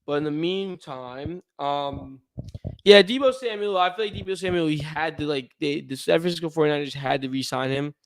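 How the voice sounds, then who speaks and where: Waiting for his partner to join, a young man co-hosting a sports livestream chats and rambles, yawning from time to time. His voice is on the high side, and he speaks at a moderate pace.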